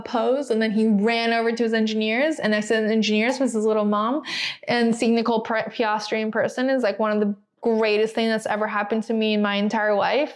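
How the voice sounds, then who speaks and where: A young woman co-hosting a podcast in casual chat, giggly and full of filler words. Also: fairly high pitch. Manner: chatty, giggly, lots of "like" fillers. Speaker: podcast co-host.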